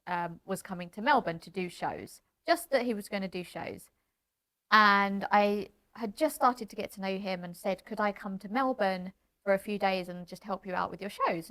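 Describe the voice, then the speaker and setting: A woman's voice: lowish voice, a bit bright. A middle-aged woman comedian co-hosting a podcast, chatting casually and telling stories with frequent laughs. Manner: chatty storyteller, laughs often. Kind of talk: casual chat.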